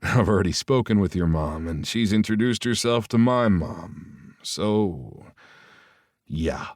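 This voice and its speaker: A man voicing a gravelly-voiced male teammate who speaks in a dry, wry way. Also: lowish voice, expressive, slow, darkish tone, no room sound.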